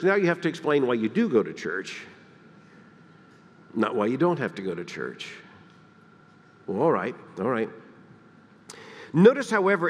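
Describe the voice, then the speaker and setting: Preacher man in echoing church. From Deep South of the US. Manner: emphatic, swinging from loud peaks to hushed lows. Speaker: pastor. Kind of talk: sermon. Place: church sanctuary.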